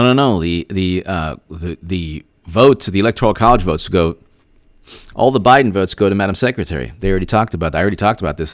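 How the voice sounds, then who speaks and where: A man hosting a political commentary livestream, reading out viewer comments and thanking them by name in an excitable, rambling way, often repeating himself. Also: on the low side, dry recording, studio quality.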